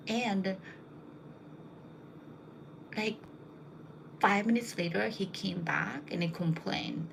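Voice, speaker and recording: Slow, gravelly young woman rambling. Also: medium pitch, background noise. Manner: rambling, with many fillers. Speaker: storyteller. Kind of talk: casual anecdote telling.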